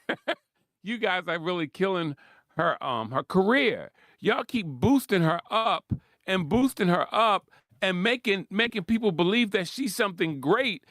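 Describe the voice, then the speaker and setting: A man with a Philadelphia accent talking sports in a rambling, animated monologue, acting out quotes and laughing often. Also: high voice, moderate pace, no room sound, clean studio sound. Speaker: sports commentator host. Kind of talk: casual monologue.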